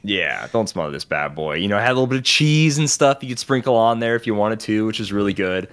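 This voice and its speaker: A man's voice: on the low side, fast talker, clean tone. A young man co-hosting a podcast, chatting casually and acting out the people in his stories. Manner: animated storyteller, acts out quoted people. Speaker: podcast co-host. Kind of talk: casual chat.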